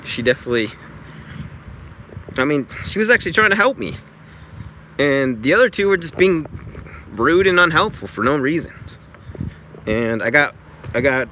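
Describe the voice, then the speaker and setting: A man's voice: mid-range voice, sharp tone. A man telling a story in a casual vlog, chatty and exasperated, swearing freely, recorded outside near traffic. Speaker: vlogger.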